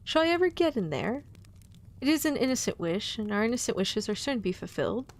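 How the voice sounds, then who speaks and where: A woman's voice: on the high side, big pitch swings, a little fast. A woman voicing a lovesick male snowman in a storybook reading, speaking in an earnest, pleading way. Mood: yearning.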